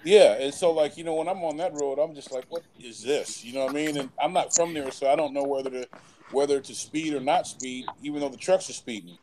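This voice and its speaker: A man's voice: a little high, quick pace, a crowd in the background, rough recording. A man in casual late-night chat on a remote call, rambling with lots of fillers and loose swearing. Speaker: panel guest.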